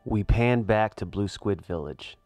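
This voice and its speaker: Brief: male game master, lower pitch, descriptive narration with filler words. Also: unhurried, a little mellow, soft background music. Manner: descriptive, many ums and uhs.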